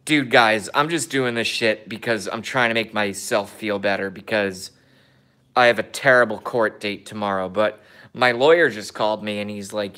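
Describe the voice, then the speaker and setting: A man vlogging a casual rant, talking quickly and bluntly, with some swearing. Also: pushed and bright. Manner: rapid, blunt, swearing, lower than his put-on voice.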